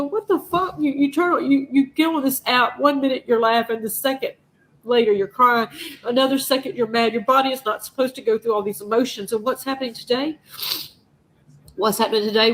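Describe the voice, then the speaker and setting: A woman's voice: high-pitched, fairly bright tone, rough recording. A woman vlogger delivering an impassioned, profane rant straight to her audience. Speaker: news vlogger. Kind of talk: emotional monologue to camera.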